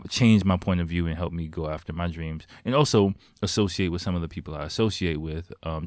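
A man's voice: sits low, no echo, studio quality. A man casually telling rambling, profane stories to the camera, laughing often between his words. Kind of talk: casual storytelling.

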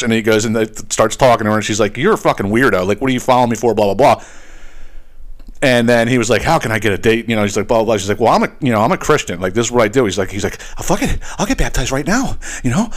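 A man hosting a podcast, telling a story in a profane, animated rant and putting on mock voices for the people in it. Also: on the low side. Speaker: podcast host. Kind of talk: casual ranting monologue.

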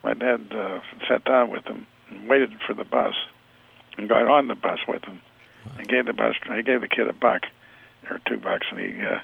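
Older man, interview guest, halting storyteller, raspy, phone-line sound. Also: fairly low pitch. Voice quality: gravelly, husky. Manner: rambling, halting, many restarts. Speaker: interview guest, retired football scout.

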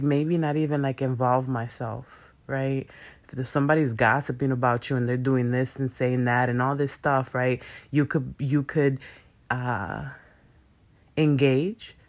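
A young man talking casually to viewers about emotions and spiritual growth, rambling with slang, fillers and swearing. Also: mid-range voice. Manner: loose, rambling, conversational with frequent fillers and profanity; speaks in slang with dropped verbs. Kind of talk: casual spiritual self-help talk to viewers.

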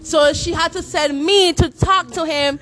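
A young woman guest on a podcast telling a story in casual chat, animated and acting out the people she quotes. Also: very high voice, measured pace. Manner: animated, acts out quoted voices. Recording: noisy recording with clicks.

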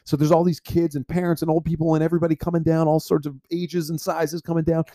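A man's voice: a little high, level tone, fast talker, warm tone, dry recording. A man hosting a podcast, telling a personal story in a rambling way, full of filler "like". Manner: rambling, heavy use of filler "like". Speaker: podcast host.

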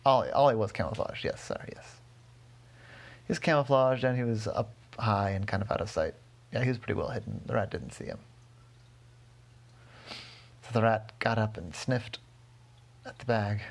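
A father spins a bedtime story in a low, gravelly voice with a husky edge. He wanders and corrects himself as he goes, keeping the tone soft and unhurried. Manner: rambling, self-correcting, gentle. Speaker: father telling his daughter a bedtime story.

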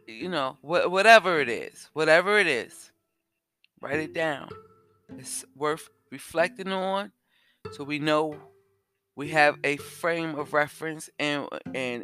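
A man hosting a self-help podcast, talking slowly and repeating questions to the listener. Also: on the high side, bright, forceful tone. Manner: slow, repetitive, asks the listener questions. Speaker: podcast host. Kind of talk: reflective self-help talk.

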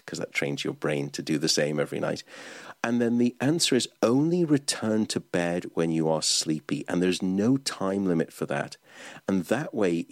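Very deep voiced guy calmly explaining sleep tips, dry close sound. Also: no room sound. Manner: calm and instructive. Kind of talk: explanatory advice talk.

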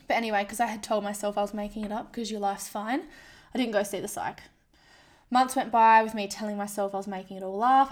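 A woman's voice: medium pitch, steady tone, fast talker. A woman speaking in a candid personal monologue, frank and self-deprecating, often quoting her own inner voice. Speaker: vlogger sharing a personal story.

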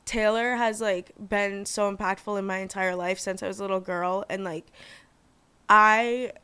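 A chatty young woman talks on her solo podcast, gushing and peppering her speech with fillers and casual swearing. Her voice is smooth and clear, recorded close and dry with no room sound. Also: mid-range voice, flat delivery, brisk, no room sound. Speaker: podcast host.

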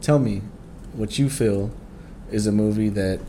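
A young man co-hosting a podcast in casual chat, laid-back and teasing, quick to laugh. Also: fairly low pitch, dark tone, a little hiss or hum. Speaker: podcast co-host.

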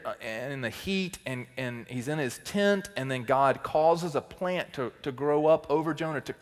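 Man preaching in a reverberant hall. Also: a little high. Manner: swings from loud emphatic outbursts to quiet intensity. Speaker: teaching pastor. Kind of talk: sermon.

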